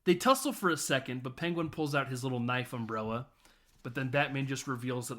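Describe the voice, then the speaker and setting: Male podcast host, casual and profane film recap, laughs a lot, mid-pitched. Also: brisk. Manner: laughing, profane, animated retelling with quoted lines.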